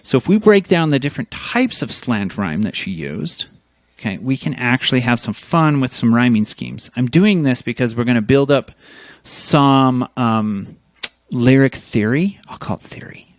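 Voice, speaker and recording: A man co-hosts a casual podcast and walks through meter and rhyme like a teacher, checking in with "okay?" after each point. His voice sits at a middling pitch, and the recording is dry and close, with no room sound. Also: animated, a little slow, no room sound. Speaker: podcast co-host. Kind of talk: casual podcast chat, explaining lyric theory.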